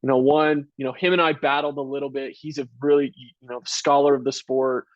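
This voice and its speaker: A man's voice: medium pitch, level tone, a little fast, no echo, muffled recording. A man around thirty, a college track coach, answering interview questions casually and earnestly, with many "you know" and "like" fillers. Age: about 30.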